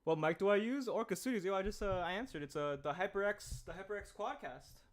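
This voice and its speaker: A man's voice: high voice, fairly quick. A man in his twenties chatting casually and with a laid-back manner on a livestream, into a USB condenser mic. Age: 20s. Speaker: streamer and animator.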